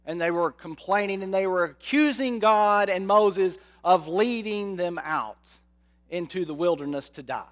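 A man preaching a sermon, slow and dramatic, often asking his listeners rhetorical questions. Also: high-pitched, fairly bright tone.

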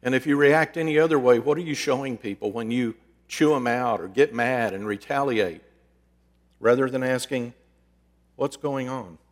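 A middle-aged male preacher who also counsels people speaks in a plain, mid-range voice, sharing personal stories as a sermon. His delivery is earnest and conversational, swinging between hushed and loud moments. A long reverb trails his words, as in a big hall. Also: medium pitch, moderate pace. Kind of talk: storytelling sermon.

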